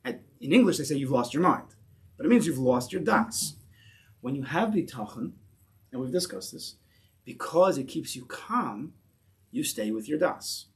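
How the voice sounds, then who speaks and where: A man's voice: mid-range voice, expressive, moderate pace. A man teaching a Torah class in English mixed with Hebrew terms, emphatic and repeating key phrases as he builds to a point.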